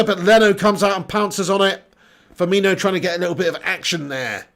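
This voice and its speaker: A man talks through a live football match for his viewers, reading their comments and swearing casually. His voice sits high for a man and has a rough, gravelly edge. When a chance comes he jumps into fast, excited play-by-play. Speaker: watch-along host.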